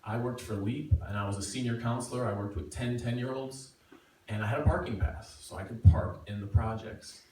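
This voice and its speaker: A middle-aged man telling a personal story live, self-mocking and animated. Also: mid-range voice, a little fast. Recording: echoey room, far from mic, faint noise.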